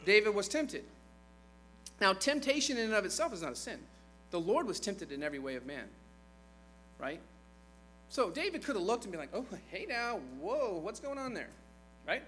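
Guy giving a chatty sermon, kinda high voice, soft music and hum in the back. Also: poor audio. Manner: conversational, animated retelling with asides. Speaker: preacher.

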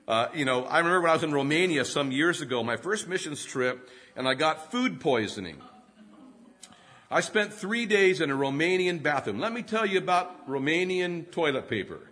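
A man's voice: a little high, sing-song, normal speed, sharp tone. A man in his fifties preaching a sermon, telling humorous self-deprecating stories and often laughing mid-sentence. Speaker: pastor.

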